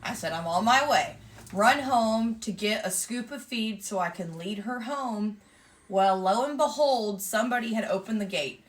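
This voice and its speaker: A woman, casually telling a lively story and acting out the exchanges she had along the way. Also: fairly high pitch, normal speed. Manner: lively, vivid retelling with quoted exchanges. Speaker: emu owner telling a story.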